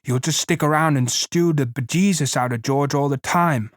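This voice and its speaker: Sharp-tongued scolding old aunt, voiced by a man. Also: on the high side, normal speed, dry recording, clean studio sound, lightly acted. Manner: sharp, scolding rural drawl.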